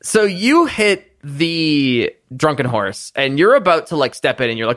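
Brief: casual male game master, lively and animated, somewhat high voice. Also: measured pace, no room sound, clean studio sound. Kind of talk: narrating a tabletop game.

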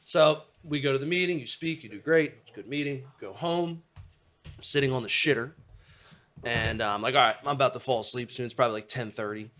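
A man's voice: medium pitch, a little fast, fairly bright tone. A young man telling a rambling, profane story in casual chat.

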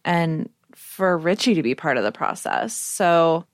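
A woman's voice: low voice, expressive, unhurried, no room sound, clean studio sound. A woman interviewing a couple in a friendly way, asking questions and laughing easily.

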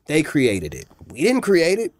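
Animated DC man telling a story. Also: a little high, a little slow. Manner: animated, acts out voices in stories. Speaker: musician guest. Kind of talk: conversational storytelling.

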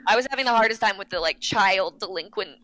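Woman, casual podcast chat, giggly, acts out quotes, bright tone. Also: mid-range voice, fast talker, dry recording, poor audio.

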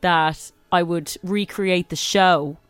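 A woman, co-hosting a radio show in casual banter, her voice husky and hoarse after karaoke. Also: on the low side, fairly even intonation, slow pace, dry recording, faint music behind. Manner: playful, protesting. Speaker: radio co-host. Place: radio studio.

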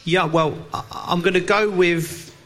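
A man's voice: sits high, fairly even intonation, measured pace, a bit bright. A man co-hosting a football podcast who shares his opinions in a casual way, often repeating words as he finds his point. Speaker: podcast co-host.

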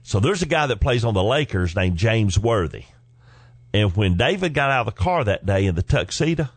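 A man in his forties, hosting a podcast, telling personal family stories in a folksy, animated way with chuckles along the way. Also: mid-range voice, moderate pace, dry recording. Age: 40s. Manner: folksy, animated storyteller who chuckles between lines. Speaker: podcast host. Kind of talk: personal storytelling.

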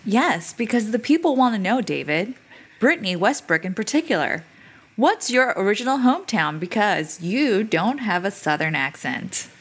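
A woman's voice: medium pitch, sing-song, normal speed, breathy edge. A woman who grew up on Guam, a former TV reporter with a polished broadcaster delivery, chatting on a panel. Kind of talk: casual panel chat.

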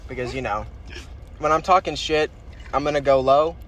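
A man's voice: fairly high pitch, normal speed, fairly bright tone, slight background noise. A man hosting a casual podcast, talking in a profane, boastful and swaggering way. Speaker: podcast host.

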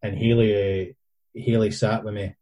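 Scottish male filmmaker, low, husky and very mellow, rambling and self-deprecating. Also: little pitch movement, moderate pace. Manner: rambling, self-deprecating storyteller with many fillers. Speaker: independent filmmaker and editor. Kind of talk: casual podcast chat.

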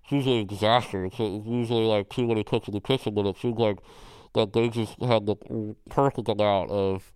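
Podcast co-host, man, casual and profane, smooth resonant voice, dry close sound. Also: fairly low pitch, steady tone, brisk, darkish tone, no room sound. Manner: loose, swears freely, many fillers. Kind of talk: casual film chat.

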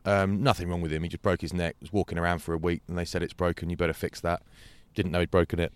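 A man's voice: sits low, steady tone, rapid-fire, smooth. A man hosting a podcast, telling rambling, slangy anecdotes in casual chat. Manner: rambling storyteller, swears, slangy. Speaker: podcast host.

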